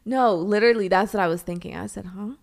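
A woman's voice: mid-range voice, quick pace, gravelly. A young adult woman co-hosting a podcast, telling a personal story in casual chat and laughing often. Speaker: podcast co-host.

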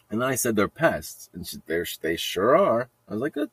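A man's voice: on the low side, very animated, slow, pauses often, breathy edge, no room sound. A middle-aged man telling a story in a rambling casual monologue, repeating himself and laughing at his own jokes. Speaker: podcast host telling a story.

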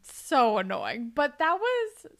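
A young woman co-hosting a casual chat that recaps a TV show, talking fast with lots of "like" and laughing often. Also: sits high, huge pitch swings. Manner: chatty, lots of "like", laughs often, acts out characters' lines. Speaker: podcast co-host.

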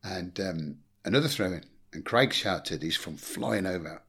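A man's voice: sits low, expressive, unhurried, a bit bright, breathy edge. A middle-aged English man, a former football manager, telling blunt anecdotes in a casual interview and acting out quotes. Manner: blunt anecdotal storyteller, swears, acts out quotes.

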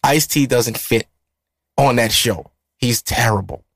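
A man's voice: medium pitch, measured pace, a bit bright, breathy edge, no echo, studio quality. A man co-hosting a podcast, chatting casually and ranting bluntly with plenty of profanity. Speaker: podcast co-host. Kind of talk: casual chat.

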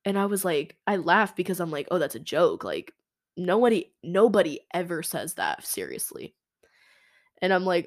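A woman's voice: lowish voice, big pitch swings, moderate pace. A young adult woman hosting a podcast, telling a personal story in a chatty way full of "like" and quoted dialogue. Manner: chatty, fillers of "like", quoting herself and others. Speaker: podcast host. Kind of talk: casual storytelling monologue.

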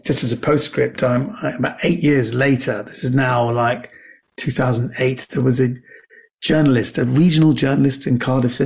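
A middle-aged British comedian and actor, appearing as a guest, tells anecdotes in casual conversation, animatedly acting out the voices of people in his stories. He speaks at medium pitch and a moderate pace with vocal fry, restarting often.

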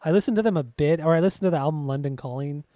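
Casual young male co-host, slightly higher voice. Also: racing, mellow, dry recording, clean studio sound. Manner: stumbling over names, laughs easily. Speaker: podcast co-host. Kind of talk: casual chat.

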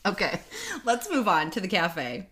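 A woman's voice: fairly low pitch, sharp tone. A woman co-hosting a podcast in casual chat, talking with lots of fillers and laughing easily. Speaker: podcast co-host. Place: in person with co-host.

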